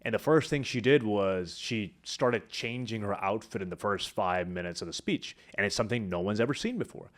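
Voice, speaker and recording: A man teaching public speaking, talking to camera with lively swings between high energy and quiet, hushed moments. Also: moderate pace, few pauses. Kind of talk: instructional talk to camera.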